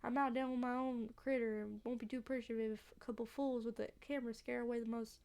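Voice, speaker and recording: A grumbling old backwoods man with a put-on Southern drawl, voiced by a woman reading a game aloud. He scolds in a high, gravelly voice that never sounds quite like a real old man. The drawl stays rough and stubborn. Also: little pitch movement, fast, a little mellow, natural voice. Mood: gruff. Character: gruff old male backwoods landowner.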